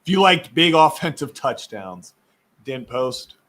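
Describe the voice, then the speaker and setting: A man's voice: medium pitch, very animated, measured pace, fairly bright tone. A man hosting a casual live sports stream, chatty and rambling, laughing often, who says his voice is going.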